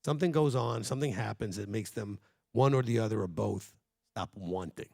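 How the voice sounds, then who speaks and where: A man's voice: lowish voice, brisk, vocal fry, a little mellow, no room sound, clean studio sound. A man leading a congregation as its rabbi, teaching in a conversational and emphatic way, speaking straight to the listeners.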